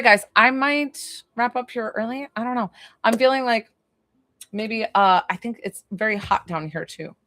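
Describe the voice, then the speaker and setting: A woman's voice: mid-range voice, a bit bright, dry recording. A woman hosting a live stream as a psychic medium from her basement, chatting effusively with viewers and swearing casually. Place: basement room.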